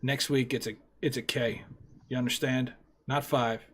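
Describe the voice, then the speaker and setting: A cold, threatening mob enforcer who keeps his voice low and quiet as he issues demands, as a game master puts him on. The menace comes through in a calm, clipped delivery in this tabletop crime story. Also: normal speed, slight background noise, lightly acted.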